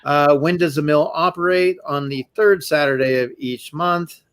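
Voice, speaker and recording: A man's voice: a little high, normal speed. A man hosting a casual live stream, rambling with fillers as he reads out quiz answers. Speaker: show host.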